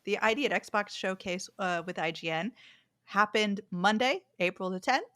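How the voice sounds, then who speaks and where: A woman's voice: mid-range voice, lively intonation, normal speed, bright, forceful tone, dry recording. Casting: woman host, upbeat, mid-range voice, dry close mic. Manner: upbeat, leads the talk. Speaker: podcast host. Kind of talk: casual chat.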